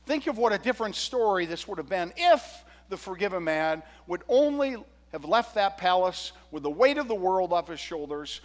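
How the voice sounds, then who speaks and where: A male pastor preaching a sermon, retelling a parable with animated, humorous storytelling. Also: sits high, in a large hall.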